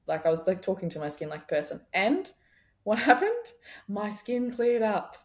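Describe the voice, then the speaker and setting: A woman's voice: mid-range voice, lively intonation, moderate pace. A young adult woman chiropractor, talking candidly and expressively as a guest in a casual podcast conversation, swearing freely.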